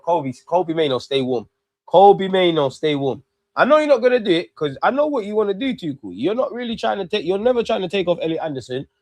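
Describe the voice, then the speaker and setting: A man reacts live to a football match, ranting and swearing in an excitable stream. His voice sits high for a man. The sound is dry and close to the mic, with no room echo. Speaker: watch-along host. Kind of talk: live football watch-along commentary.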